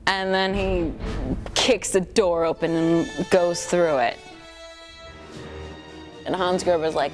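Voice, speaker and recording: A woman's voice: medium pitch, a little slow, music in the background. A tipsy woman hosting a comic movie recap, rambling and profane, with laughing asides. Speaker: host.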